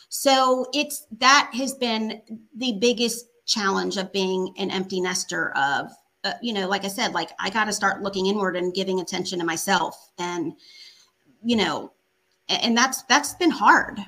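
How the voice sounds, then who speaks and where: A woman's voice: medium pitch, unhurried, pushed and bright, low-quality recording. A middle-aged woman, a podcast guest, telling heartfelt stories in casual chat, full of fillers. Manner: heartfelt, storytelling, many fillers.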